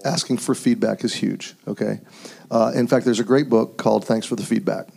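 A pastor hosting a round-table discussion, running briskly through a list of tips and often ending points with "okay?". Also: male voice, lowish voice, fairly even intonation, creaky, a little mellow. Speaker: pastor and conference host.

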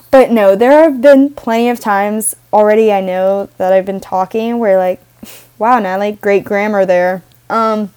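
A woman's voice: fairly high pitch, mellow. A young woman hosting her own podcast, talking casually in a rambling, self-interrupting way with frequent giggles. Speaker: podcast host.

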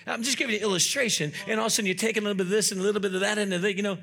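High, bright-voiced preaching man. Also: fairly even intonation, rapid-fire, gravelly. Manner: fervent preaching with repetitions and rising emphatic shouts; acts out little scenes with quoted voices. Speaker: pastor. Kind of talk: sermon.

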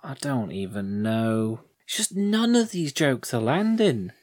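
A man's voice: mid-range voice, very animated, measured pace, darkish tone. A man with a British accent co-hosting a podcast, chatting sarcastically and swearing about a film. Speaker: podcast co-host. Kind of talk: casual film review chat.

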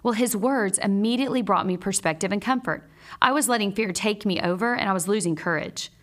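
An earnest woman delivers a scripted devotional lesson, steady and measured. Her voice sits at an ordinary middle pitch, and she weaves personal stories in with scripture. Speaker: Bible teacher; mother.

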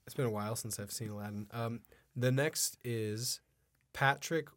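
Rich: A man at a mid pitch hosts a laid-back podcast chat, dropping short reactions and reading out requests in a relaxed, easy tone. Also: normal speed. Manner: brief, relaxed interjections and requests. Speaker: podcast host. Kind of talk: casual podcast interview.

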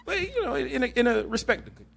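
Animated, laughing man recapping a movie. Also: very high voice, quick pace, gravelly, soft background music. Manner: animated, laughing, profane storytelling. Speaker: podcast host. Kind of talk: casual chat, movie recap.

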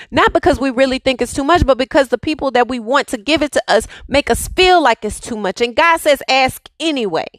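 A woman's voice: sits high, dry recording. A woman giving a spiritual pep talk, full of repeated rhetorical questions. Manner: preachy, repetitive rhetorical questions. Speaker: spiritual speaker. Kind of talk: inspirational monologue.

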